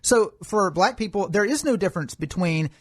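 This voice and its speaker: A man's voice: sits high, expressive, normal speed, husky. A man co-hosting a political commentary podcast, explaining his views at length in an argumentative way. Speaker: podcast co-host.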